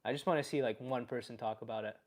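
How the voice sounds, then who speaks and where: A man from Canada chatting casually on a live stream in his own voice, relaxed and a bit hesitant. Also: medium pitch, fast talker. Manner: relaxed, hesitant, musing aloud.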